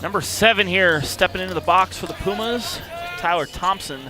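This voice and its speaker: A man calling live play-by-play of a high school baseball game with brisk, matter-of-fact pitch calls. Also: music in the background, low-quality recording. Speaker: play-by-play announcer. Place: outdoor ballpark.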